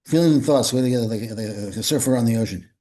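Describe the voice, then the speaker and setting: A man's voice: medium pitch, fast, warm tone. A man leading a spiritual gathering and giving an informal, rambling sermon, often repeating words and slipping in jokes.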